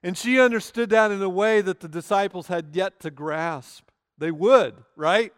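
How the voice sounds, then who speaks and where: A man pastor preaching a sermon in a church, earnest, with slow emphatic pauses on key words. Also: high voice, clean tone, no room sound, studio quality, in a large hall. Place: church sanctuary.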